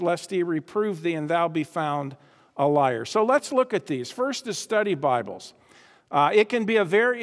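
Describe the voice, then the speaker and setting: A man with a fairly high voice preaches a sermon, leaning hard on key words and often repeating himself. He keeps checking in with the listeners with questions. The recording carries a long hall reverb. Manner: emphatic, repeats himself, asks the audience questions.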